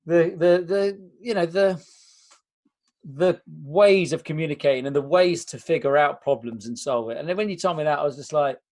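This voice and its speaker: A man hosting a podcast, musing in a halting way as he searches for words. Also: fairly high pitch, a little mellow. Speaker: podcast host. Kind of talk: casual podcast conversation.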